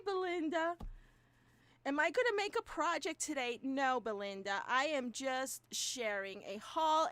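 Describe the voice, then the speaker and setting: Woman, high bright voice, animated, gushing, chatting to viewers, close mic. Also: no echo. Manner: animated, gushing, laughs often. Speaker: papercraft channel host. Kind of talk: casual chat to live viewers. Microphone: new microphone, moved closer.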